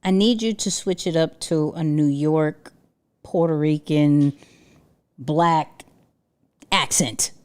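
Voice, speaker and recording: A young adult woman hosting a casual livestream, animated and exclaiming, often restarting her sentences. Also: low voice, slow, pauses often, clear, resonant tone. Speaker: livestream host.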